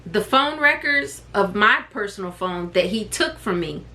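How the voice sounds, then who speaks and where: A woman vlogger and mother telling a personal story to camera in a chatty, expressive way, wandering off on tangents. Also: medium pitch, a little slow.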